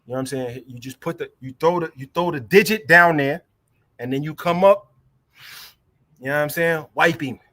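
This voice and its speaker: A young man hosts a livestream and rants in a heated, profane voice, circling back to the same phrases. His voice sits a little high for a man, and the close mic sounds dry, with no room around it. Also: moderate pace, pushed and bright, no echo. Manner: heated, profane, repeats himself. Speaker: livestream host. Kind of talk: casual livestream rant.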